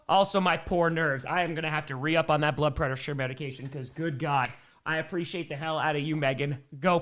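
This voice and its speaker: A man doing excitable live play-by-play and reactions on a stream, reading out fan messages, a bit out of breath. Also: on the high side. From Wisconsin, United States. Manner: excitable, hyped, reads fan messages aloud.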